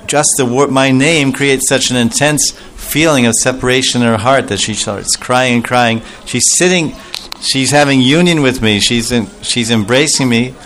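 A man tells a devotional story in sermon style, pitched in a middle register. He slips into the voices of the story's characters, giving them rising emotion. A faint hiss sits under the recording. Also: a bit bright. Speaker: spiritual storyteller.

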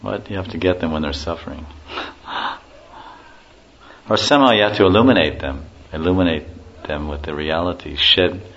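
In a muffled, lo-fi recording with faint hiss, a male spiritual teacher lectures informally, chuckling through his stories and performing the quotes. His voice sits low but a bit bright, at normal speed with many pauses.

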